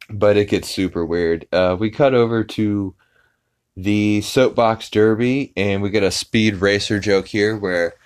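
A man's voice: fairly low pitch, slow pace, clear, resonant tone. A man hosting a podcast, casually recapping an episode in a rambling way full of fillers and restarts. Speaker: podcast host.

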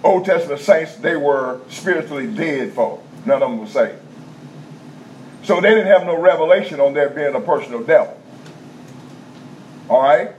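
A man's voice: a little high, lively intonation. Preacher man with a dull lo-fi sound. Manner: conversational, checks in with the congregation, repeats points slowly. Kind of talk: sermon teaching. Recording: dull lo-fi sound with faint background noise.

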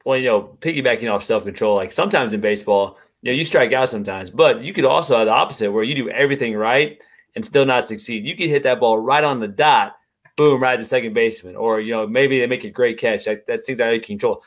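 Man, podcast co-host at a medium pitch; easygoing, follows on from the guest. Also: fast talker. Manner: relaxed, builds his questions on the last answer. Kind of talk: casual podcast interview.

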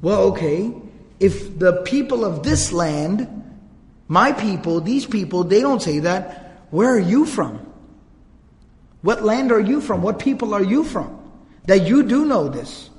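A man's voice: sits high, big pitch swings, a little slow, in a large hall. A man giving a religious history lecture, animatedly retelling a story, reciting Arabic lines and translating them, repeating phrases for emphasis.

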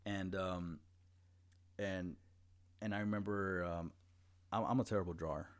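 Very deep-voiced young man, swearing a lot. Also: steady tone, measured pace, clear, resonant tone. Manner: profane, laughing storyteller. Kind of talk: casual chat.

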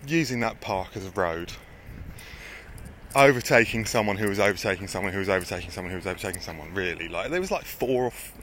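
A man tells a loose, meandering anecdote in casual chat, cursing freely and laughing as he goes. He talks fast with lively intonation, a fairly bright tone, and pitch that jumps around a lot, over a faint hum of background noise.

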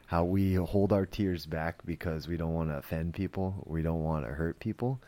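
Deep-voiced man rambling casually. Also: normal speed, mellow, dry recording. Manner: rambling, with many fillers and restarts; earnest and emotional. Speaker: podcast host. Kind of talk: casual spoken commentary.

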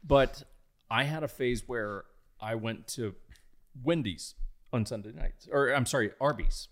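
A man's voice: mid-range voice, unhurried. A man telling a self-mocking story in a casual podcast chat. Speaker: podcast guest, gun content creator.

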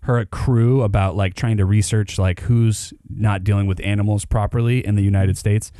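A man with a low, mellow voice talks through a TV series in loose, casual chat, circling his points with plenty of "like"s and restarts. The sound is dry and close. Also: fairly even intonation, moderate pace, no room sound. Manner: rambling, many fillers like "like". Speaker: podcast co-host. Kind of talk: casual chat reviewing a TV show.

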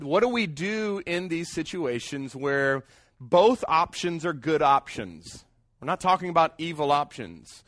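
A man's voice: fairly high pitch, a bit bright, no echo, studio quality. A man, preaching a sermon and calling out to the congregation for answers. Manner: calls out to the congregation for responses. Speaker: pastor.

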